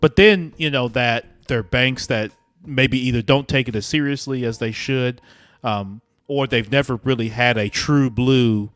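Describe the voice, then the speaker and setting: A man hosting a podcast interview, speaking in a halting way, searching for his words. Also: mid-range voice, a bit bright, smooth, dry recording. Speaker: podcast host.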